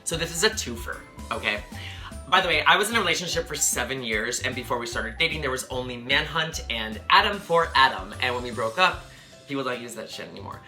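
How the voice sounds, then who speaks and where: A young man telling a comedic dating story to camera, sassy, animated and profane. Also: medium pitch, fairly quick, faint music behind. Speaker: travel vlogger.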